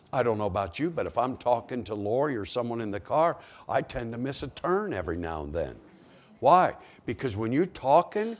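A man preaching a sermon to a congregation, asking rhetorical questions as he goes. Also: medium pitch. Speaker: pastor.

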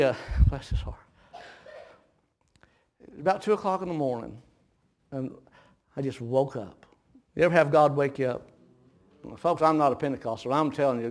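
A man preaching a sermon, telling a folksy story with laughter that turns hushed and grave, with audible gasps between phrases. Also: a little high. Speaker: pastor.

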